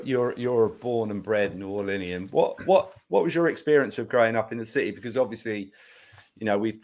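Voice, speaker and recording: A man from the UK co-hosting a podcast, asking questions in a supportive way. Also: lowish voice. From United Kingdom. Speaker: podcast co-host. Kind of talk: interview questions.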